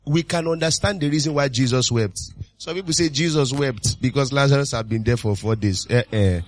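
A man preaching a sermon as pastor, exuberant and full of repeated calls and sudden shouts. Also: medium pitch, a little fast.

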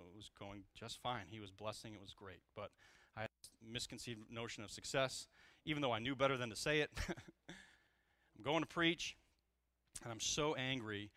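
A male pastor preaching a sermon, candid and animated, swinging between loud passages and hushed ones. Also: lowish voice, dry recording.

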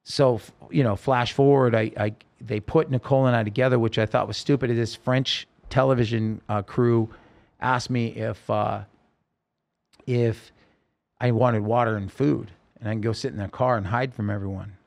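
A man, a podcast guest, telling a personal story in a halting, emotional way with many restarts. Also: mid-range voice, steady tone, creaky, a little mellow.

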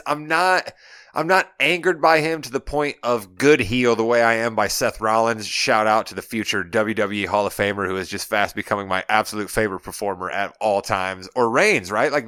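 A man's voice: medium pitch, sharp tone, dry recording, clean studio sound. A man co-hosting a casual podcast, bantering in a wry, dismissive way with laughs. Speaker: podcast co-host. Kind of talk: casual chat.

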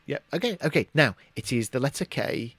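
A man's voice: mid-range voice, animated, a little fast, a bit bright, no room sound. A middle-aged man co-hosting a podcast, rambling in casual chat with lots of restarts and hesitations. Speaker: podcast co-host.

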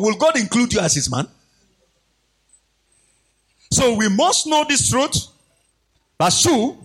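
A man preaching a sermon in a husky voice, emphatic and animated, repeating lines for stress. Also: very high voice.

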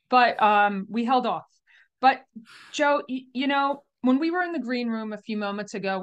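A woman hosting a podcast, enthusiastic and effusive as she introduces a guest and asks questions. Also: medium pitch. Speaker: podcast host. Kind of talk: upbeat podcast interview.

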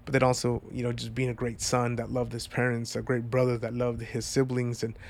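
A man with a stuffed-up, congested voice speaks to his viewers in a personal vlog. He talks at a middling pitch in an earnest, heartfelt way, rambling as he reflects. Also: completely flat delivery, brisk, creaky, darkish tone. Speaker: vlogger.

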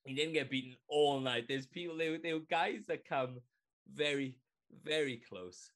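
A man's voice: a little high, normal speed, fairly bright tone. A man co-hosting a podcast, telling rambling stories and swearing freely in casual chat. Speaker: podcast co-host.

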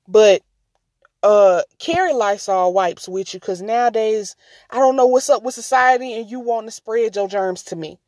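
A woman's voice: medium pitch, dry recording. A woman giving casual, brash commentary on a vlog, scolding and joking, then talking herself down. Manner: sassy, brash, talks to herself to calm down. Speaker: vlogger.

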